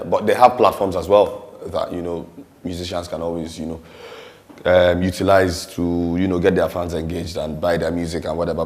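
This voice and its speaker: A Nigerian man with a very low voice speaks in a laid-back interview. He talks loosely, stopping often on fillers and slipping into Yoruba. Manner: relaxed, many "you know" fillers, mixes in Yoruba. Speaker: musician and actor interviewee. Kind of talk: casual interview.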